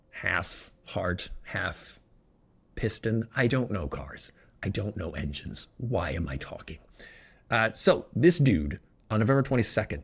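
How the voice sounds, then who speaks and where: A man's voice: lowish voice, creaky, husky. A man hosting a solo good-news podcast, chatting casually and wandering into joking, self-interrupting asides. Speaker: podcast host.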